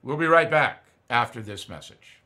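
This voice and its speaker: A man's voice: medium pitch, lively intonation, moderate pace, pushed and bright. An older man hosting a commentary show, blunt and opinionated, reading ads and giving his views with emphatic repetition.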